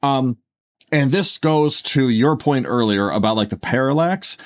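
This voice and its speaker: Speaking at a measured pace in an animated mid-range voice, this man co-hosts a laid-back podcast. His talk meanders, packed with filler words and restarts as he corrects himself.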